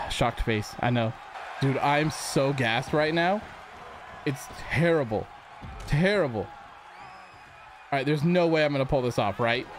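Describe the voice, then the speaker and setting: A man hosting a gaming channel, giving excitable let's play commentary and talking back to the characters on screen. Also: mid-range voice, unhurried, pauses often. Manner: excitable, reacts loudly to the game, talks to characters. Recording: clear background noise.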